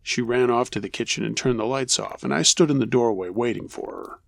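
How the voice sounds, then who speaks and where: A man narrating true scary stories in a low, steady storytelling voice. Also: fairly quick, gravelly, no room sound.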